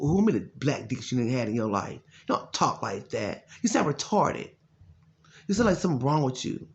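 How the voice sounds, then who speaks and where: A man talking as a life coach in a blunt, profane, casual rant, telling stories with loud quoted voices. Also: medium pitch, creaky, muffled recording.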